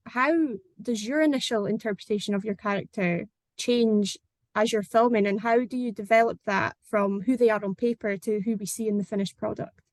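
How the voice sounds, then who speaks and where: A woman's voice: mid-range voice, darkish tone, no echo. A woman hosting a podcast interview, asking long, carefully built questions.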